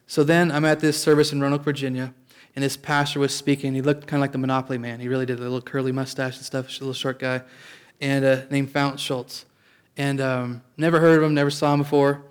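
A man's voice: on the high side, clean tone. A man preaching a sermon as pastor, in a conversational way, often restarting and calling out for an amen.

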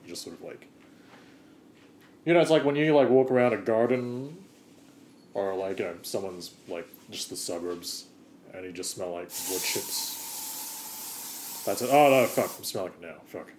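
A man's voice: lowish voice, expressive, normal speed, long pauses, a little mellow, slight background noise. A man co-hosting a comedy podcast, meandering loosely in casual chat. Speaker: podcast co-host. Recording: roomy echo.

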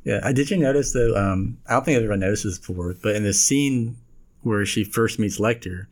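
A man's voice: lowish voice, fairly quick. A man co-hosting a casual chat, talking in a rambling, chatty way and laughing often. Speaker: podcast co-host.

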